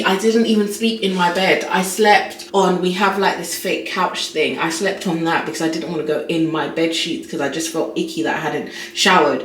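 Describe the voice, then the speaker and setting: A young woman talks straight to camera in a hotel room, telling her story in an exasperated, chatty way. The room is echoey, with a faint hum of ambience behind her voice. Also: lowish voice. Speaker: travel vlogger. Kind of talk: casual vlog chat.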